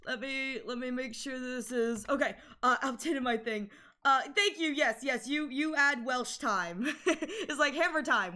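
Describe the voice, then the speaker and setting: Bright high-pitched tearful woman streamer. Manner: emotional, laughing and tearful, thanking viewers. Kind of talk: casual live-stream chat.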